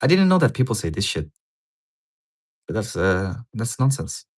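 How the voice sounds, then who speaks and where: Low-voiced man rambling on a livestream. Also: very animated, normal speed. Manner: rambling, repeats words, swears casually. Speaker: livestreamer reading a paper. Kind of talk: casual livestream commentary.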